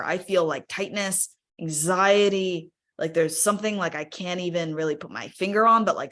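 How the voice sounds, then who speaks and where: A woman speaks candidly to a live webinar audience over a video call, and her voice sits a little low for a woman. She talks in a loose, conversational way and keeps checking in with listeners. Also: fairly bright tone. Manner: candid, conversational, often asks the audience "right?". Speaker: speaker sharing a personal story. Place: her home workspace.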